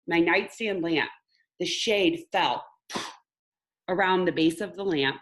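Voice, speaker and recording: A woman coach speaks on a video call in a somewhat low voice, warm and unguarded as she tells her story. Her manner is emotional and candid, and she laughs at her own slips. She talks directly to the people watching her live class. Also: measured pace, pauses often. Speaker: mindset coach.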